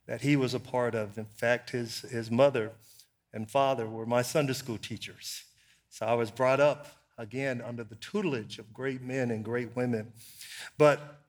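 A man in his sixties, a bishop giving a measured, emphatic sermon-style teaching talk at a live church event. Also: mid-range voice. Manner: measured and emphatic, stressing key words.

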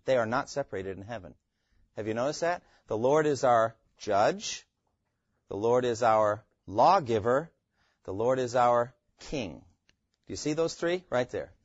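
A man's voice: medium pitch, no echo, muffled recording. A man teaching a Bible class, quizzing his students and repeating key phrases.

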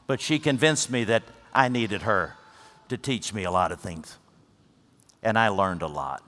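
A man preaching a sermon as a pastor, telling a story earnestly, rising to emphatic peaks and then dropping soft. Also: medium pitch, animated, unhurried. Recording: long hall reverb.

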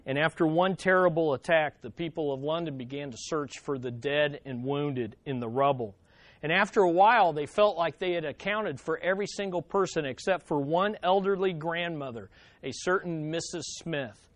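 A pastor delivering a sermon in a direct, conversational way, swinging from hushed asides to loud exclamations. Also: mid-range voice, normal speed, no echo. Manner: conversational, addressing the congregation directly.

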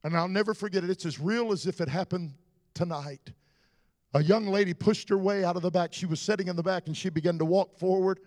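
High-voiced earnest preacher telling a story. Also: male voice, a little fast, dry recording, studio quality. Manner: emotional, earnest testimony with soft hushed passages. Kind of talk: sermon storytelling.

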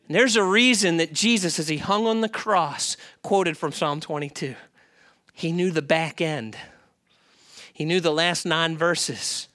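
A male pastor preaching a sermon in an animated way, often putting questions to the congregation. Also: fairly high pitch, a little slow.

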